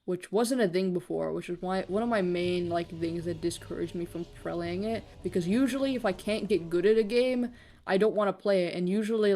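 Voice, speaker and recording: A woman's voice: lowish voice, a little mellow. A young woman live-streaming a game, chatting casually in a rambling way, full of fillers, freely swearing and poking fun at herself. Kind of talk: casual live-stream chat while gaming.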